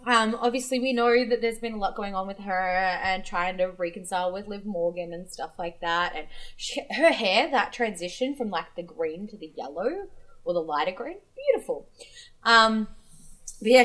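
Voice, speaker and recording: Animated woman gushing as podcast co-host. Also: medium pitch, moderate pace, low-quality recording. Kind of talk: casual podcast recap.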